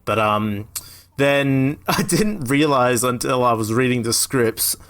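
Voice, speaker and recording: Brief: casual male podcast host, mid-pitched, rambling and laughing. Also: slow pace, a bit bright. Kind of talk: casual chat.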